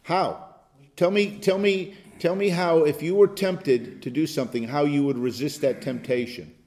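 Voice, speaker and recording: A male pastor teaching an interactive Bible study, emphatic and animated, at times bursting into loud exclamations. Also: on the high side, normal speed.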